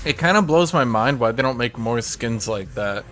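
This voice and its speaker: A man's voice: mid-range voice, lively intonation, moderate pace, a bit bright, soft background music. A young man streaming a video game, chatting casually and thinking aloud while he asks his chat questions.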